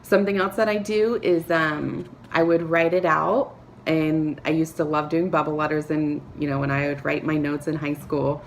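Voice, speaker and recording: A woman talking to camera, giving earnest, encouraging advice with soft laughs and filler words. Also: deep voice, little pitch movement, normal speed, slight background noise. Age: adult, a parent. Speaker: vlogger. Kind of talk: motivational talk to camera.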